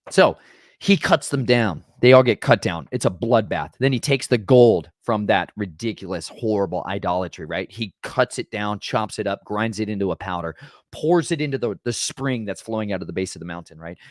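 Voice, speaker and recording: A man with a lowish voice retells scripture like a casual chat, dramatic and emphatic, tossing in "right?" every few lines. The sound is dry and close. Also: dry recording. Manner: conversational, keeps asking "right?". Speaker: podcast host. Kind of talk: casual Bible storytelling.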